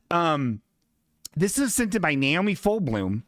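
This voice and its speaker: A man's voice: fairly high pitch, sing-song, measured pace, no room sound, studio quality. A man hosting a livestream podcast, riffing in casual, profane, sarcastic rants about viewer submissions. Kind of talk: casual comedic chat reading viewer submissions.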